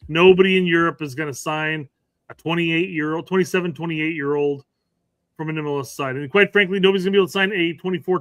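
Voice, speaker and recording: A man's voice: on the high side, fairly bright tone, no room sound. A man with a slightly raised voice argues soccer points frankly. The sound is dry and close. He talks as an opinionated podcast co-host. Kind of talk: casual soccer talk.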